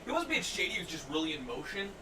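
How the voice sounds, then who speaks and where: A young man hosting a podcast, telling stories in an animated way, laughing often and loudly acting out what people said. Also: a little high, rapid-fire. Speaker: podcast host. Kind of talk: casual storytelling chat. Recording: distant mic, faint noise.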